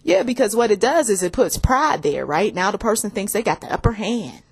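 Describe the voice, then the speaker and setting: A woman's voice: medium pitch, expressive, fairly quick, vocal fry, slightly rough. A woman hosting a faith-based talk about relationships, chatting casually, laughing often and acting out both sides of arguments. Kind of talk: casual spoken commentary with acted quotes.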